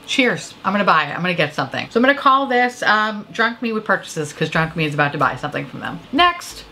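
Woman beauty vlogger, a bit tipsy, blunt and profane, bright, sharp voice. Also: lowish voice, sing-song, quick pace, vocal fry, slight background noise. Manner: candid, swears a lot. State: a little tipsy from drinking. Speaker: beauty vlogger reviewing makeup releases. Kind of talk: casual chat.

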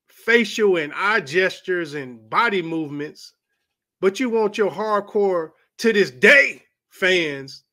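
A man's voice: high-pitched, bright, forceful tone. A man hosting a boxing commentary vlog, talking bluntly and profanely in a heated rant.

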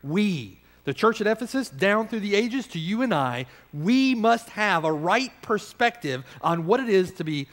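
A man preaching an expository sermon, emphatic and slowing down to stress key phrases. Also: high voice, sing-song, fairly bright tone. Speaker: pastor.

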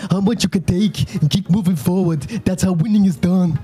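A man putting on the voice of a tough male boxer giving a pep talk, slow and gravelly, with music playing softly behind. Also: high voice, voice pushed up. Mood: gruff.

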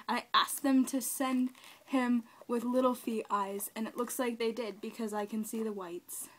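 A young woman who gushes excitedly and chats to her new doll while unboxing it on camera, kneeling on the floor at home. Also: a little high, moderate pace. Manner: gushing, excitable, talks to the doll. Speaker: doll collector vlogger. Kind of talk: casual unboxing chat. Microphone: camera mic.

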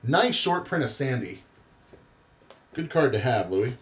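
A man's voice: medium pitch, sing-song, measured pace. A tired man hosting a live card-break stream, chatting casually and rambling into long personal stories. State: tired after a long day.

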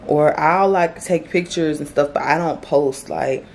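A woman in her late twenties, a vlogger, talking tearfully and haltingly to camera about her grief, with many fillers and restarts. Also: sits low, slight background noise. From Florida, US. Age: late 20s. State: grieving, tearful. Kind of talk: tearful direct-to-camera vlog talk. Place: indoors, on her bed.

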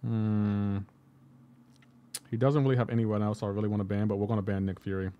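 Playing a game on stream, a man keeps up casual, chatty talk with his audience, answering viewers and peppering his speech with "like." His voice is fairly low, flat and brisk, and the recording has its highs cut off.

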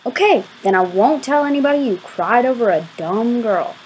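A woman voicing a blunt, gruff teenage boy in an audiobook reading, with a breathy voice. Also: fairly high pitch, lively intonation, moderate pace, a little mellow, a little hiss or hum, close to an everyday voice, rough recording.

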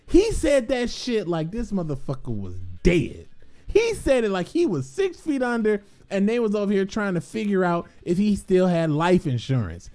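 A man's voice: high voice, normal speed, faint music behind. A man, a gaming content creator, rambling casually to his viewers with lots of swearing, slang and laughter. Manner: profane, excitable, laughs often, streetwise slang.

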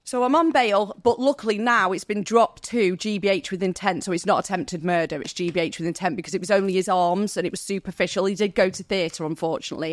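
A woman's voice: fairly low pitch, no echo, clean studio sound. A woman, tearful as a podcast guest, telling her story in a rambling, apologetic way. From Manchester, England. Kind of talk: personal storytelling in a podcast interview.

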